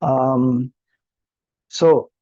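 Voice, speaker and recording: A man with an Indian English accent giving a scripture discourse, chanting mantras slowly and then explaining them. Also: mid-range voice, steady tone, dark tone, dull audio. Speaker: spiritual teacher.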